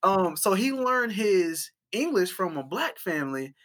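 Bright-voiced man telling relaxed stories. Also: high-pitched, a little slow. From Florida, USA. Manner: relaxed storyteller, slangy. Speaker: guest. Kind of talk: casual video-call chat.

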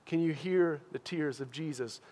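A man preaching in an earnest, questioning way, his voice pitched high for a man. He drops to a hush, then pushes loud again, and long reverb trails behind each phrase as in a big church hall. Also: normal speed. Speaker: pastor. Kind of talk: sermon.

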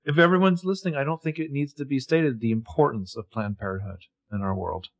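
A man's voice: medium pitch, brisk. A man co-hosting a casual recap podcast, chatty and a little hesitant, with wry asides. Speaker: podcast co-host. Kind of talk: casual chat recapping a show.

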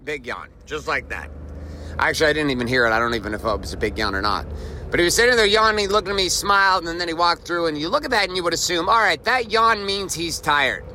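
A man's voice: on the high side, lively intonation, fast talker, sharp tone, a little hiss or hum, low-quality recording. A man hosting a motivational podcast, telling a story and repeating his main point with emphasis. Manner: emphatic, repeats key lines. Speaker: podcast host. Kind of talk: motivational monologue.

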